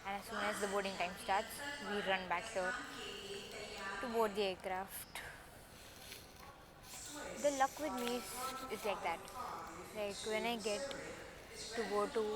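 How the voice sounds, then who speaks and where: A young woman with an Indian accent, vlogging casually on a phone in an airport terminal and chatting straight to her viewers. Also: mid-range voice. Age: young adult. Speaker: vlogger, cadet pilot. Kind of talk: casual travel vlog. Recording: loud airport noise behind voice. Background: loud airport crowd noise.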